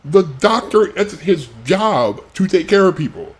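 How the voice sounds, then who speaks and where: A man's voice: high-pitched, lively intonation, measured pace, husky. A man from the United States hosting a casual reaction video, ranting in an exasperated way and filling his sentences with "like". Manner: exasperated rants, many fillers like "like".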